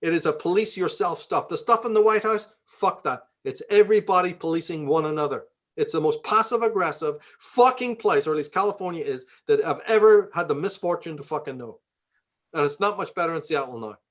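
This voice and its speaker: A man's voice: a little high, lively intonation, brisk. A man from Northern Ireland with a Belfast accent and a slightly raised voice. He is an interview guest telling stories in a loose, profane way. He slips into the voices of the people in his stories as he goes. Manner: profane, acts out quoted dialogue. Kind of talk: conversational storytelling.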